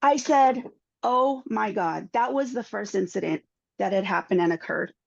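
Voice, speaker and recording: A woman's voice: mid-range voice, lively intonation, creaky, no echo. Woman telling her story on a podcast panel, emotional, keeps restarting, dull dry lo-fi sound. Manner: emotional, fast restarts and repeated words. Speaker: panel guest. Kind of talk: personal testimony in a podcast panel.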